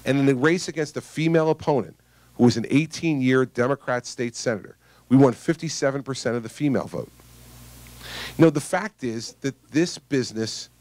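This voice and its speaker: A man's voice: mid-range voice, a little mellow, no room sound. A man, a politician, giving a campaign stump speech to voters in a conversational, emphatic storytelling manner.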